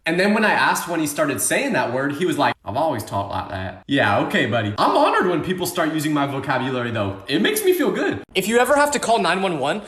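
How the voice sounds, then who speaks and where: A young adult man from California telling comic stories in an animated, exaggerated way. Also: high voice, roomy sound. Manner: animated, exaggerated and quick-talking. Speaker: comedy creator. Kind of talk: comedic storytelling monologue.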